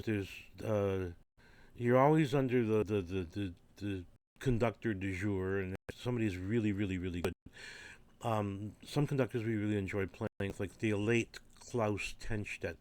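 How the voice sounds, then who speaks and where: A man's voice: lowish voice, moderate pace, a little mellow, no echo. Rambling older man telling orchestra stories. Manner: rambling and digressive, with wry humour. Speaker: retired orchestra percussionist. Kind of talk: casual anecdotal storytelling.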